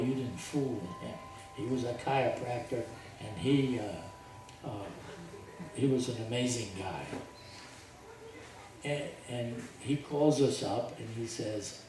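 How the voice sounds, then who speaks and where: An older man telling a story to a group, slowly and with lively voiced quotes. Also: medium pitch. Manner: slow, animated retelling with voiced quotes and laughs. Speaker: speaker telling his life story to a group. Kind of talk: storytelling talk. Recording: echoey hall from far off, audible noise.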